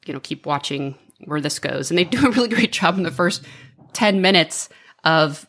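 A woman's voice: animated, moderate pace, a bit bright. A young woman co-hosting a podcast in casual chat, talking in a rambling way. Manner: chatty, acts out quoted lines with raised pitch. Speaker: podcast co-host.

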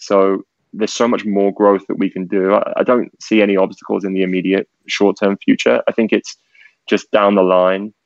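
Deep gravelly man in casual interview. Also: no echo. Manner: conversational, frequent restarts and "like", "you know". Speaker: interview guest, sports media director. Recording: dull, slightly lo-fi dry audio.

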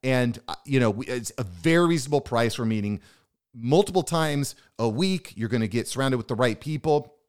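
A man talking alone on his business podcast, getting fired up and emphatic as he goes. His pitch swings a lot, rising and dropping between points. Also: expressive, brisk. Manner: pumped-up motivational, emphatic. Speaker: podcast host. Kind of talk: solo business podcast monologue.

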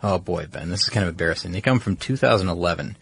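Low-voiced man hosting a chatty podcast. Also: expressive, quick pace, gravelly, husky. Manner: rambling, many fillers and restarts. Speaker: podcast host. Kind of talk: casual podcast chat.

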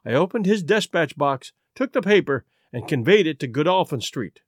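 A man reading the part of a frightened aristocratic woman confessing in a rush, with a lively, rising and falling voice in a dry recording. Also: on the high side, moderate pace, slightly rough, dry recording. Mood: anxious.

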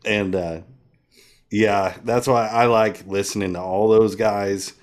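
A man's voice: fairly low pitch, fairly even intonation, takes it slowly. A man co-hosting a podcast, thinking aloud in casual, rambling talk with many fillers. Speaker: podcast co-host. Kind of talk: casual chat.

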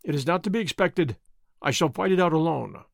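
A daring masked outlaw from an old adventure story, defiant and full of taunts, as a man reads him aloud. The voice sits high and moves lively across its range. It is recorded close and dry. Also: fairly quick, vocal fry, no room sound. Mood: earnest. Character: dashing masked outlaw hero, bold and mocking.

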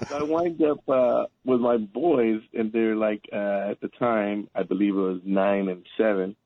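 A man's voice: fairly low pitch, steady tone, unhurried, no room sound, narrow, tinny audio. A man in his forties, a guest on a chat show, telling long rambling family stories with many fillers and chuckles. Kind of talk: casual storytelling.

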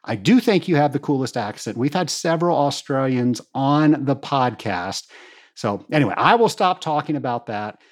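Lively, upbeat male podcast host. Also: mid-range voice, normal speed. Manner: enthusiastic, grateful, promotional. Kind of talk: solo podcast monologue.

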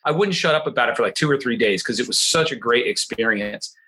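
A man's voice: mid-range voice, quick pace. A middle-aged man telling a story in casual chat, acting out the voices of the people he quotes. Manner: animated, acts out quoted voices.

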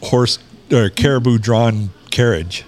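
A man's voice: medium pitch, slow pace, darkish tone. A man co-hosting a podcast, trading dry wisecracks in casual chat. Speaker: podcast co-host.

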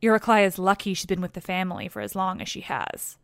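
A woman's voice: mid-range voice, lively intonation, quick pace, creaky, hardly any pauses, no echo, studio quality. Wry woman telling an old myth. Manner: wry, playful asides. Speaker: podcast host and narrator. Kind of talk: casual storytelling retelling of a myth.

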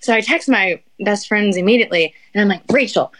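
A woman's voice: medium pitch, a little fast, crowd noise. A young woman in casual chat, rambling through an embarrassing story with lots of fillers and laughter.

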